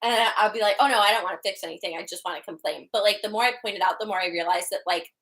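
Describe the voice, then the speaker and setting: Bright-voiced woman telling rambling stories. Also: mid-range voice, racing, poor audio. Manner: rambling storytelling, heavy filler words, laughs. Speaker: podcast co-host. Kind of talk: casual chat.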